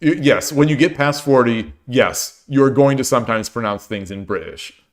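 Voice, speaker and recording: At a normal speed and medium pitch, a tired man in his forties rambles to stream viewers during a gaming session. He frequently starts over and pokes fun at himself.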